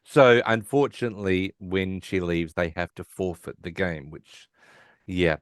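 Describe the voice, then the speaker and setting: A man's voice: deep voice, measured pace, clear, resonant tone, no echo, clean studio sound. A man co-hosting a podcast, casually retelling scenes and acting out lines, with fillers. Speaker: podcast co-host. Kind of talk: casual recap chat.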